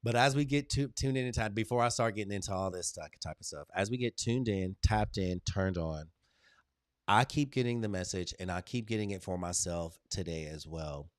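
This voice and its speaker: A man hosts a live stream, calling out viewers by name and slipping into motivational pep talks. His delivery is animated and encouraging, with big swings in pitch and loudness. The sound is dry and close, with no room echo. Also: moderate pace. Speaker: livestream host. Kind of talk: lively livestream chat with viewers.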